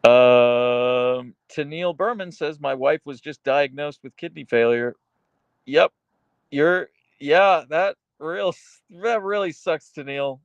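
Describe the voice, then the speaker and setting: A man hosting a live stream, reading chat aloud and answering with dark, deadpan humor and frequent laughs. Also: on the high side, slow, smooth, no echo, muffled recording. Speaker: livestream host reading chat.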